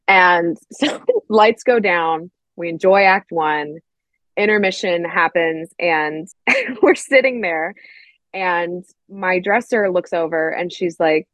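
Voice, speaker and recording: A woman's voice: lowish voice, a little slow, fairly bright tone, no room sound, poor audio. A young woman, a stage actress and podcast guest, chatting in a bubbly, talkative way, filling her story with likes. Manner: bubbly, chatty, many likes, acts out quoted voices. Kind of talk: casual chat, telling an anecdote.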